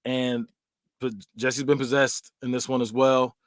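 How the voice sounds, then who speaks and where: In an unhurried, mid-range voice, a male podcast host walks through film scenes conversationally, recorded dry in studio quality. His casual recap is animated, dotted with fillers, and he acts out screams, yelps, and quoted lines.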